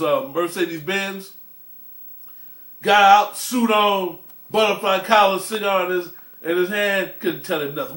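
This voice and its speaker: A man's voice: high-pitched, a bit bright. A man telling profane, swaggering stories in casual talk, with many restarts and laughs at his own tales. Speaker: storyteller host. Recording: roomy echo.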